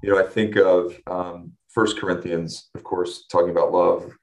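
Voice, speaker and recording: A middle-aged man, an interview guest, giving a personal testimony in earnest storytelling with restarts and emotional pauses. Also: low-pitched, flat delivery, a little mellow, poor audio.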